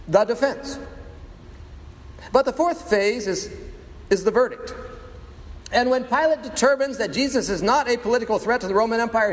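A man preaching a sermon with dramatic pauses, rhetorical questions and playful sound effects. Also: sits high, in a large hall. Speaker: pastor.

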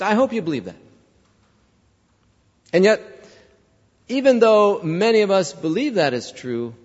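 Pastor guy preaching, high voice, long church echo, kinda dull recording. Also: a little mellow. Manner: storytelling, rhetorical questions to congregation. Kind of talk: sermon. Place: large church sanctuary.

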